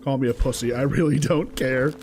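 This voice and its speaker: A man's voice: medium pitch, fairly even intonation, brisk, darkish tone, soft background music. A young man streaming a game, chatting casually with his viewers, swearing freely and reacting to the action. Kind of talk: casual gameplay commentary.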